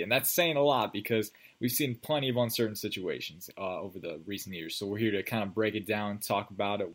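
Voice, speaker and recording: A man's voice: fairly low pitch, husky. A man hosting a sports podcast, chatting casually with loose, filler-heavy talk. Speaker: podcast host.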